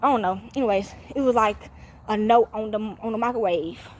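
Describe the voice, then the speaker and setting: A woman talking straight to her viewers in a rambling, profane monologue. She repeats herself, stops often to ask "okay?", and gets louder and higher when she is excited. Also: a little fast. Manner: profane, repetitive, often checks in with 'okay?'. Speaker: channel host.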